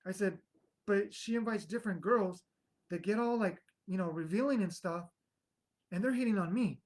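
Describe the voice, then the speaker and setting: A man's voice: sits high, normal speed, poor audio. A man in an earnest, rambling personal testimony, often restarting his sentences as he recounts his past. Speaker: speaker sharing a personal story.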